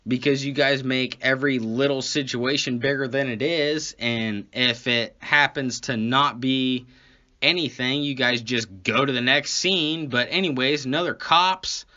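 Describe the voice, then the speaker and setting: A man's voice: mid-range voice, steady tone, measured pace, bright, forceful tone, dull audio. A man hosting a comedy podcast, telling a story in a rambling, profane way.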